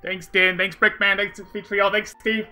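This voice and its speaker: Excitable, bright-voiced speedrun streamer. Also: medium pitch, moderate pace, a little hiss or hum. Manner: excitable, sighing, thanks viewers one by one. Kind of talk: live-stream commentary and thanking chat. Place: room at home with a window.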